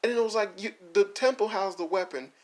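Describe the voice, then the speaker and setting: A man in a casual, exasperated rant reviewing an anime, swearing and laughing as he mocks the characters. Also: high-pitched. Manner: mocks characters in quick put-on voices. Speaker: video essay host.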